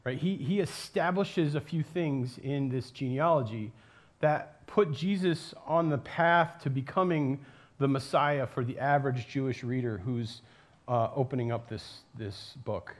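A man preaching a sermon in a casual, animated storytelling way, with lots of fillers and asides. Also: medium pitch, measured pace. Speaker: pastor. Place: church.

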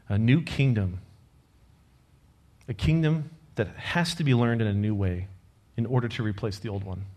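A man preaching a sermon, telling a personal story in an earnest, conversational way and closing with a prayer. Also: medium pitch. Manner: closes in quiet prayer.

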